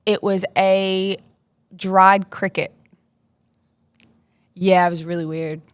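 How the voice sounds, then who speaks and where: A woman's voice: mid-range voice, little pitch movement, slow, clean tone, dry recording. A young woman, chatting casually and upbeat as a guest, laughing easily. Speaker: basketball player, podcast guest. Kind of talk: casual interview chat.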